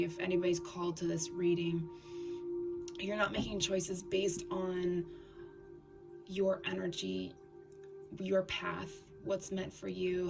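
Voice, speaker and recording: Gravelly, low-voiced woman reading tarot. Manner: halting, with fillers and restarts. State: scratchy voice. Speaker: tarot reader. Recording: distant mic with background music.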